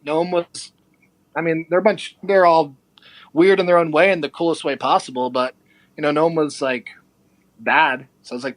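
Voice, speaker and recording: Animated young man telling a story. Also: a little high, moderate pace, dry recording. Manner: animated, acts out quoted people. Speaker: podcast guest. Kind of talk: casual storytelling.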